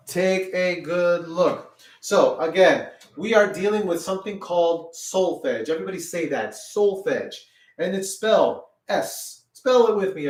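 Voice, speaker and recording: A man's voice: on the high side, roomy sound, recorded from a distance. A man teaching children a music lesson, encouraging and repeating "okay?" after nearly every point. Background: piano.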